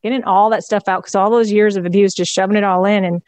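A woman's voice: mid-range voice, fairly even intonation, quick pace, darkish tone, no echo. A middle-aged woman, a guest in an interview, candidly and reflectively telling a personal story with a laugh now and then.

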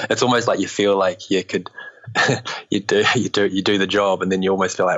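A man's voice: low-pitched, steady tone, fairly quick, fairly bright tone, highs cut off. A man with a New Zealand accent, talking loosely about his creative work in an interview, with lots of restarts and fillers. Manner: rambling, many restarts and fillers, laughs often. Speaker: animation director guest. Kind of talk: relaxed conversational interview.

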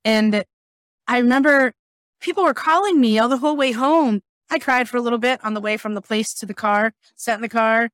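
A woman guest who works as a business mentor, telling personal stories in casual chat, in quick bursts and often laughing. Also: fairly high pitch, a bit bright, no room sound. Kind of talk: casual conversational interview.

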